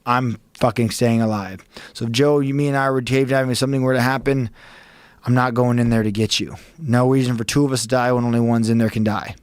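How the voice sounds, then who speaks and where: A man's voice: medium pitch, darkish tone, smooth, dry recording. A man on a podcast recounting a cave diving ordeal in an intense, heavily profane storytelling manner. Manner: intense, heavy swearing. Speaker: podcast guest, cave diver. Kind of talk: casual storytelling. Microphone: studio podcast microphone.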